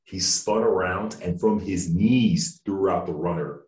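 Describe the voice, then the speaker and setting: A man's voice: low voice, measured pace, darkish tone. A man co-hosting a podcast in casual chat, rambling and joking with frequent restarts. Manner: rambling, jokey, restarts often. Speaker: podcast co-host. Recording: echoey room, distant mic.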